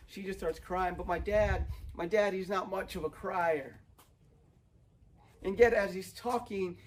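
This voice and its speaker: A man's voice: high-pitched, poor audio. A young man preaching a sermon outdoors, earnest and building to fervent emphasis. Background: dog barking, wind.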